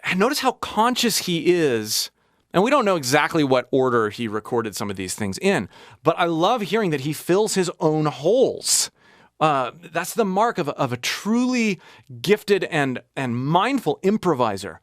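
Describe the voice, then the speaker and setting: An enthusiastic man talks through a song in a casual breakdown, pointing out details as the track plays. His pitch moves in a lively, animated way. The recording is close and dry, with no room sound. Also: moderate pace, no room sound. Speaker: music reaction host. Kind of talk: casual music breakdown commentary.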